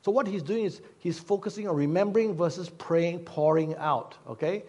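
A man's voice: a little high, moderate pace, a little mellow. A man preaching a sermon as pastor, conversational, with many fillers and repeated rhetorical questions. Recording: long hall reverb.

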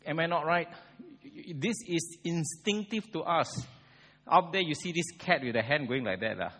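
A man preaching a sermon, conversational and animated, asking the congregation rhetorical questions. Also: a little high, moderate pace, slightly rough. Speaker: pastor. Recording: long hall reverb.

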